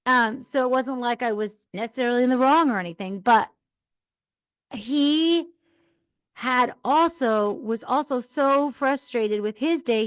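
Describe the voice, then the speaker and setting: A woman's voice: fairly high pitch, no echo. Earnest woman podcaster, dry sound. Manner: earnest, rambling storytelling. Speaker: podcast host. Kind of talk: live podcast monologue.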